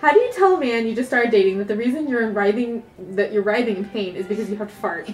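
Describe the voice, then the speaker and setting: A woman telling a comic story about her own life, animated and often laughing as she goes. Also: fairly high pitch, quick pace, roomy sound.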